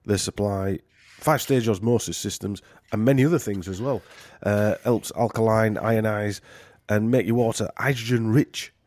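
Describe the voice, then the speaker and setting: A man with a Yorkshire accent, rambling through a casual podcast chat. His voice sits a little low, and it is recorded close and dry with no room sound. He jokes around and leans on fillers and restarts. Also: fairly even intonation, moderate pace, few pauses, darkish tone, no echo. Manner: rambling, joking, many fillers. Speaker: podcast host.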